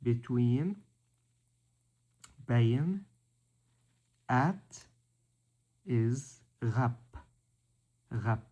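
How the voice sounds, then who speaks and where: A man giving a language lesson, reading out words slowly and deliberately one by one. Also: medium pitch, expressive, mellow. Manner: slow, deliberate, spells out word by word. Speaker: language teacher.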